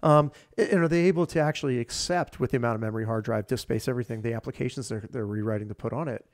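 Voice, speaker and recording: A man in his fifties tells a long career story as a podcast guest. He rambles, restarts sentences and leans on fillers. His voice sits in an ordinary middle pitch. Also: racing. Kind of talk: casual storytelling.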